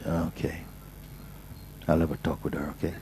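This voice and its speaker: A man speaking as a spiritual teacher, patiently and softly giving advice at a gathering, often restarting his sentences. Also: rumbling low, level tone, normal speed, heavy background noise. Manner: patient, soft-spoken, with frequent restarts. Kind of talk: gentle advice in a question session.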